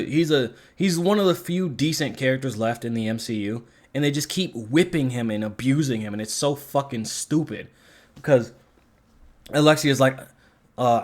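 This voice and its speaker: Guy ranting about a movie, lots of swearing and ums, fed up, middle pitch voice. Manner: profane, exasperated, rambling with many fillers. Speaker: film reviewer. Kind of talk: casual movie review rant.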